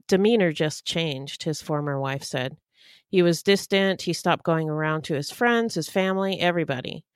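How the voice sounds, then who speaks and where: A woman with a lowish, smooth, resonant voice reads true-crime case notes at a steady pace. She drops in dry remarks between the facts. The recording is dry and close. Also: no echo. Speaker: podcast co-host.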